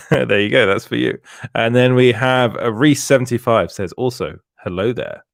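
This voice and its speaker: A man's voice: mid-range voice, moderate pace, creaky, no room sound. A man co-hosting a casual live stream, reading out chat comments and laughing often between restarts. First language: French. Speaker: podcast co-host.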